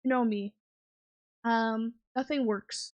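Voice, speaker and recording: Rambly, slightly high-pitched woman streamer. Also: steady tone, slow. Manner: rambling, lots of fillers, giggly. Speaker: livestream host. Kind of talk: casual chat.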